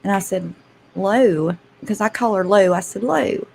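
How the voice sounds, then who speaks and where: Grandma vlogger, middle pitch, laughs a lot, folksy storytelling, faint hiss. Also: female voice, normal speed, vocal fry, darkish tone, low-quality recording. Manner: chatty, laughs often, addresses listeners as y'all. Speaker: channel host. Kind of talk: casual storytelling to viewers.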